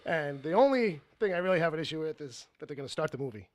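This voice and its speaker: A man's voice: on the high side, animated, fast talker. A man co-hosting a podcast, rambling casually about movie news, with frequent swearing and laughter. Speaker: podcast co-host.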